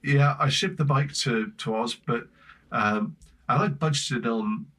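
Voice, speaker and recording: A man with an English accent, a podcast guest telling travel stories in lively casual chat, laughing often. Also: mid-range voice, measured pace. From Britain. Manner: animated storyteller, laughing often.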